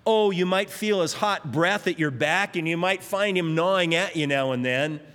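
A man's voice: high-pitched, moderate pace, a bit bright, big-room sound. A pastor preaching a sermon, emphatic, stretching out his climactic lines as his voice rises.

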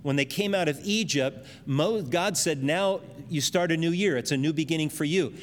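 Male preacher, high register, earnest expository delivery, reverberant hall sound. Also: moderate pace, slight background noise. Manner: earnest, explains verses with everyday examples. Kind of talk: expository sermon.

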